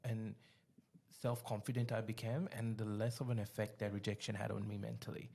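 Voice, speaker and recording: A man's voice: fairly low pitch, flat delivery, a little fast, creaky, dark tone. A man co-hosting a podcast, reflectively talking through how he dealt with rejection. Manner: reflective, talks through his own experience. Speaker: podcast co-host. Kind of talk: casual podcast chat.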